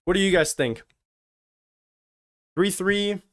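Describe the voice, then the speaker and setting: A man from Germany hosts a casual live watch-along stream, joking around and teasing viewers as he reads their chat messages aloud. His voice is high and a bit bright, and he takes it slowly.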